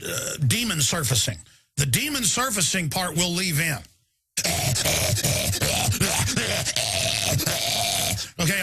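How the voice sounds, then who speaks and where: A man's voice: sits high, creaky, pushed and bright, breathy edge. A male talk radio host delivering a rambling, indignant live monologue.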